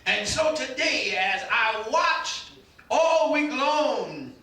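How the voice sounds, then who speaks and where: A male pastor preaching a sermon with fervent shouting and half-sung lines, often stumbling over repeated starts. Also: very high voice, very animated, very slow. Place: church sanctuary. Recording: very echoey room, mic at a distance.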